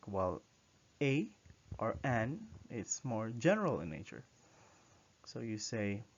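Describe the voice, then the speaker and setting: A man from the Philippines gives a language lesson at a very unhurried pace, repeating each word several times. His mid-pitched voice comes through a muffled, lo-fi recording. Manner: patient, repeats words for practice. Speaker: language teacher. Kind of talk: slow spoken lesson. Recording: dull lo-fi recording.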